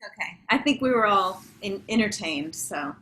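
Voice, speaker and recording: An enthusiastic woman hosting an open mic from home over a video call. Her voice is bright and lively, swinging widely in pitch. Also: moderate pace, slight background noise, poor audio. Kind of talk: casual chat.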